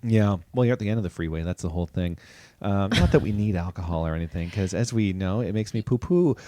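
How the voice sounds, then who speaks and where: A man's voice: low-pitched, fast, no echo. A man co-hosting a podcast in casual chat, telling stories animatedly and acting out reactions. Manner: animated storyteller, acts out reactions. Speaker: podcast co-host.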